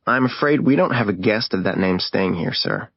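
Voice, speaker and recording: A man's voice: fairly low pitch, lively intonation, moderate pace, gravelly, slightly rough, no echo, heavily acted. Man doing a prim polite hotel receptionist. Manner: polite, formal, slightly dry. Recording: dull lo-fi recording.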